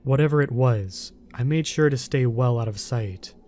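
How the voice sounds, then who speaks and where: A man telling a first-person horror story in a calm, steady narrating voice. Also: medium pitch, moderate pace, slight background noise.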